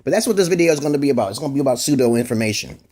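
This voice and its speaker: A man's voice: medium pitch, animated, rapid-fire, warm tone, husky. A man vlogging a rambling opinion monologue, often stopping to ask "okay?" and restarting his words, with casual swearing.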